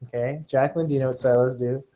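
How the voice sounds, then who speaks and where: A man from Kentucky teaching a class of students, lively and joking, often checking in with "okay?". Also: mid-range voice, rapid-fire, highs cut off. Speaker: test prep teacher.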